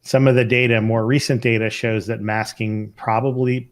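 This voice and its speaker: A man's voice: medium pitch, level tone, normal speed. A middle-aged man, an emergency physician co-hosting a casual podcast, talking thoughtfully with lots of fillers and restarts.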